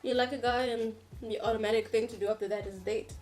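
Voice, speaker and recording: Young woman co-host, fairly high voice, animated giggly storytelling, light music in the background. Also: fast. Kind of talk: casual chat over a meal.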